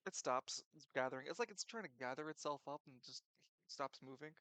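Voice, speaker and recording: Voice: medium pitch, lively intonation, fairly quick, fairly bright tone, no echo. A game master narrating a tabletop role-playing game in a blunt, casual way, swearing freely.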